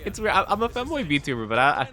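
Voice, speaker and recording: Man, gaming streamer, casual chat with viewers, self-deprecating, lively swinging pitch, bright tone. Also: fast.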